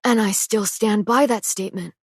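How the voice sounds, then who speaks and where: A woman reading the lines of a cocky, teasing young male prince in an audiobook, quiet and smug. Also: medium pitch, normal speed, breathy edge, no echo, studio quality.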